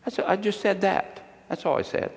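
A man's voice: high voice, normal speed, creaky. An older man preaching a sermon, folksy and humorous, telling personal stories and calling for responses from the congregation. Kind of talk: sermon with storytelling. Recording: long hall reverb.

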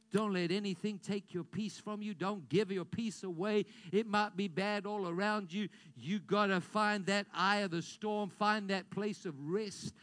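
A man preaching a sermon as pastor, leading the congregation in call-and-response declarations and swinging between loud impassioned calls and hushed prayer. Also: sits high, dry recording.

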